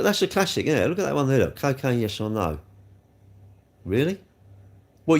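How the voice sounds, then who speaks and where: Male livestreamer, rambling, talks straight to chat, gravelly with a very lively pitch. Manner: rambling, repeats himself, talks straight to viewers. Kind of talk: live stream chat, reacting to viewer comments.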